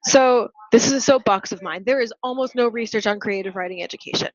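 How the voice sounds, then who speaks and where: A woman's voice: a little high, fast talker, muffled recording, slight background noise. A young woman founding a nonprofit, answering interview questions in long, earnest, articulate sentences.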